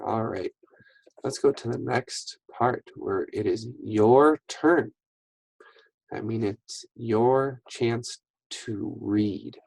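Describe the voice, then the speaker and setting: A man teaching a phonics lesson to young children, reading words slowly and patiently one at a time. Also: medium pitch, vocal fry, darkish tone, breathy edge, no echo, poor audio.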